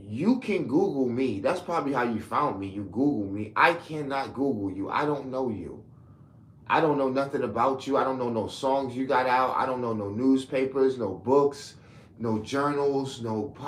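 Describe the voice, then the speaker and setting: A Brooklyn man who comments online fires back at his commenters in a combative, heated rant, repeating himself as he goes. His mid-range voice is a bit bright. The room is echoey with faint ambience.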